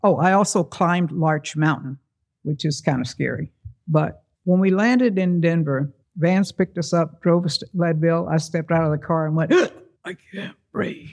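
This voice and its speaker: Speaking at a moderate pace, a man with a slightly higher-than-usual, gravelly voice tells a live audience a personal story. He's animated, acting out the other characters' voices.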